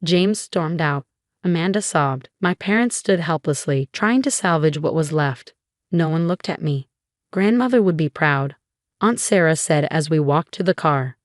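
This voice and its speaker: Woman, lowish voice, dry close sound, scripted story narration, measured delivery. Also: animated, dry recording. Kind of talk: scripted first-person narration.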